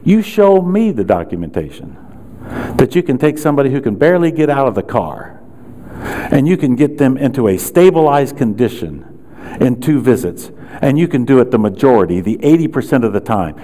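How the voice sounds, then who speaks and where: A man's voice: mid-range voice, sing-song, a little fast, mellow. Man giving a punchy seminar talk. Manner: punchy, rhetorical questions, sarcastic asides. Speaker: chiropractic management speaker.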